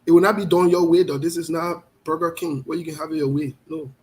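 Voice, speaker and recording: A man's voice: on the high side, steady tone, quick pace, a little mellow, low-quality recording. A man hosting a live online talk show, greeting viewers by name and speaking bluntly and passionately.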